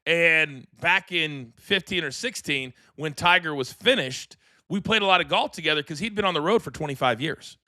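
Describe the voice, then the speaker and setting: A middle-aged man co-hosting a podcast, chatting casually and telling lively anecdotes. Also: fairly high pitch, normal speed, no echo, clean studio sound. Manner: animated, acts out voices in anecdotes. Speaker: podcast co-host. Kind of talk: casual storytelling chat.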